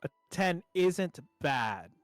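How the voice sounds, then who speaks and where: Animated man running a tabletop game. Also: on the high side, drawn-out words, no echo, faint music behind. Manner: upbeat, lots of fillers. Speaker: game master.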